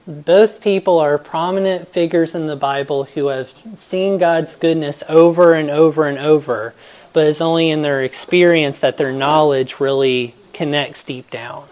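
A woman's voice: low voice, steady tone, moderate pace, darkish tone. A woman giving a devotional Bible talk, telling stories in an earnest, reflective way.

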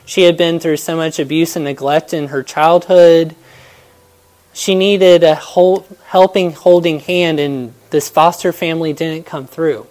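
Low-voiced woman giving an earnest devotional talk. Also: steady tone, measured pace, a little mellow.

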